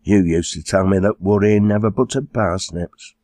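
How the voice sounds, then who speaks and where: A man's voice: low voice, a little mellow, no room sound, studio quality, close to an everyday voice. A man doing a cheeky teenage farm girl. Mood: teasing. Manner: cheeky, quick-witted.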